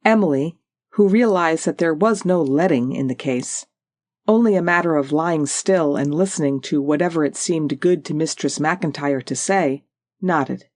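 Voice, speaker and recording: Measured audiobook narrator, dry close sound. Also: mid-range voice, no room sound. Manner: measured, unhurried storytelling. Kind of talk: scripted narration.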